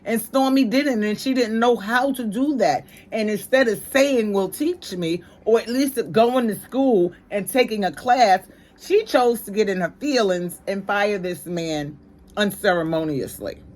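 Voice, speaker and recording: A woman's voice: medium pitch, measured pace, a little mellow. Opinionated New woman ranting. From New York. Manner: emphatic, slangy, ranting. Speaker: commentary channel host. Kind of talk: opinionated commentary.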